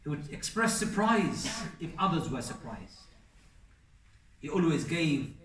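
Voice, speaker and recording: A man preaching a sermon in a mosque, earnest and emphatic, stacking phrases into lists and sprinkling in Arabic blessings. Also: medium pitch. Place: mosque hall. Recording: roomy mosque hall, distant mic.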